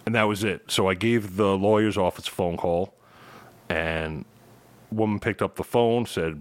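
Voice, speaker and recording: Casual male podcast host from Long Island, very low voice, dry close sound. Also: moderate pace, no room sound. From New York, Long Island. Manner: laid-back storytelling, laughs easily. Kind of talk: casual chat.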